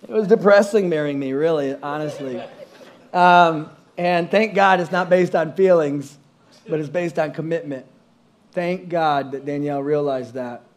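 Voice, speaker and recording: A middle-aged male pastor with a high, light voice, preaching from a church stage. He tells comic stories about himself, jumps into little voices and sound effects, and pokes fun at his own habits. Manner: animated, self-mocking, acts out voices and sounds. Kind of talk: storytelling sermon.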